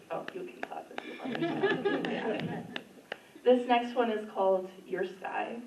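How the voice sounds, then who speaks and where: With a medium-pitched, somewhat dark voice, a woman shares poems she wrote at a library community room open mic, earnest and full of feeling. A little background noise is present, and the room sound comes across distant, roomy, and dull.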